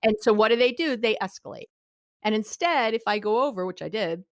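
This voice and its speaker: A middle-aged woman giving advice as a guest expert, her voice riding high and swinging widely as she talks. She breaks into quick impressions of the people she describes. The recording sounds close and dry. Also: lively intonation, dry recording. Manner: acts out quoted people with big pitch jumps. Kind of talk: animated advice-giving interview talk.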